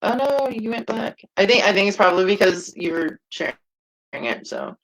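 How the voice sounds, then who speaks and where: A man's voice: sits high, lively intonation, normal speed, a bit bright, a little hiss or hum, poor audio. A man hosting a casual live-streamed talk show, hesitant and rambling, with lots of fillers and the odd swear word.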